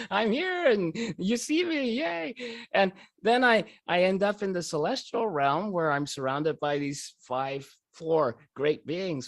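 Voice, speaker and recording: A man telling a personal story in an animated way, often breaking into laughter. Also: on the high side, no echo, clean studio sound. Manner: lively, animated delivery.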